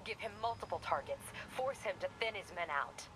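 A woman's voice: fairly low pitch, animated, fairly quick, background noise, lightly acted. A woman voicing a clipped, commanding police captain. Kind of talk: video game voice acting.

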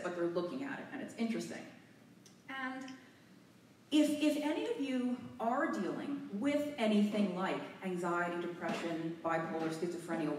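A nervous, out-of-breath woman giving an animated talk to a live audience in a hotel meeting room, using a handheld mic. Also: medium pitch, slight background noise. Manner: animated, laughing, a bit nervous. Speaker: guest speaker. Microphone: handheld mic, recorded from far off. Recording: echoey room from far off.

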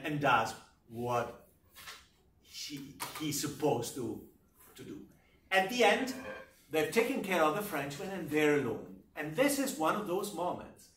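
A male university lecturer with a fairly high voice teaches literature at an unhurried pace, leaning on his key points and often checking in with "okay?" and "right?". He is picked up from across an echoey lecture room, so his voice sounds distant and the room rings around it. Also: fairly bright tone, a little hiss or hum.

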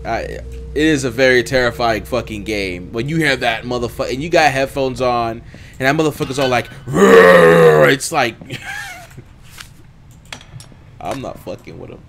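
A man hosting a horror game let's play, talking profanely and nervously, yelping and shouting when scared. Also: medium pitch. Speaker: gaming video host.

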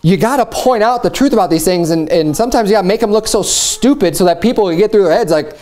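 Animated man preaching a sermon. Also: sits high, quick pace, hardly any pauses. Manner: animated storytelling, mocking quotes in raised voice.

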